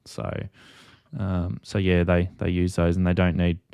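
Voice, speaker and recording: An Australian man, a guest who makes ham radio videos, chatting casually in a rambling, halting way. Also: low-pitched, completely flat delivery, gravelly, darkish tone, clear, resonant tone, no echo, studio quality. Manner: rambling, halting with fillers and restarts. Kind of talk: casual chat.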